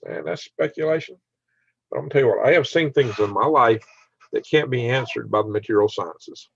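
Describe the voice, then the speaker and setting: A man's voice: mid-range voice, fairly quick, vocal fry, dull audio, slight background noise. An older man hosting a casual livestream, rambling and laughing as he answers viewers' comments by name. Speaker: channel host reading live chat.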